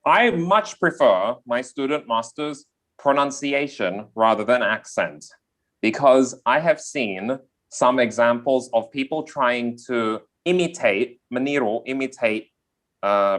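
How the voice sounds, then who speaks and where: Australian man, softened accent, mid-pitched teacher who repeats points and checks in with listeners. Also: unhurried. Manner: explanatory, repeats key points, checks in with "yeah?". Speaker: English teacher. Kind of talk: live online class answering a question.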